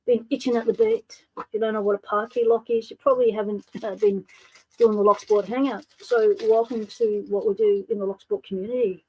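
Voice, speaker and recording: A woman's voice: fairly high pitch, steady tone, fairly quick, slightly rough, muffled recording. A woman with an Australian accent hosting a casual livestream, chatting and greeting viewers by name. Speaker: livestream host.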